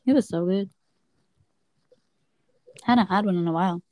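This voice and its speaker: Chatting with a friend, this woman speaks at a measured pace in a mid-range voice, with no echo. She's an animated storyteller who acts out texts and what people said.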